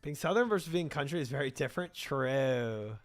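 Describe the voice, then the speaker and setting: A man's voice: medium pitch, lively intonation, moderate pace, soft background music. A man streaming a game, chatting casually with his chat and rambling, then trailing off into mumbled talk about the game. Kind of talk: casual gameplay chat reading chat.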